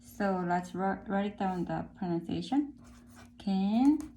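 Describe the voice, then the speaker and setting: A woman teaching a beginner Korean lesson in English that is plainly not her first language. She speaks slowly and repeats each phrase for practice. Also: medium pitch, lively intonation, warm tone, roomy sound, slight background noise. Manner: slow, repeats words for practice.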